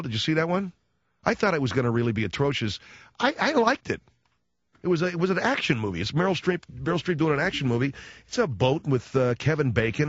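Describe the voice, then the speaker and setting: Guy on talk radio ranting, snarky and rambly, lively voice. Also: medium pitch, no echo, lo-fi sound. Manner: sarcastic, rambling, riffing with impressions. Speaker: radio host. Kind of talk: comedic talk radio rant.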